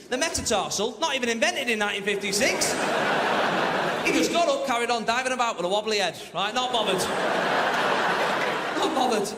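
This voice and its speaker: A man's voice: very high-pitched, heavy background noise. Male comic on a theatre stage. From Manchester. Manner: chatty, teasing the crowd, tag questions. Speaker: stand-up comedian. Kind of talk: stand-up comedy set. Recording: live theatre hall, loud audience laughter. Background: audience laughter and applause.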